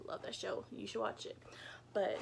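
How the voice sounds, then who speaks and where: A woman's voice: normal speed, a little hiss or hum. A young woman vlogger telling a casual storytime from her bedroom, chatty and peppered with "like" and "you know," swearing freely. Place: home bedroom.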